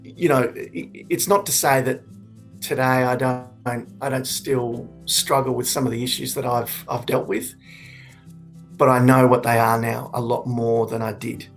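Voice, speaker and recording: A man in his forties giving candid, earnest personal testimony, reflective and halting with frequent restarts. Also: mid-range voice, fairly even intonation, faint music behind. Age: 40s. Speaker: suicide prevention speaker.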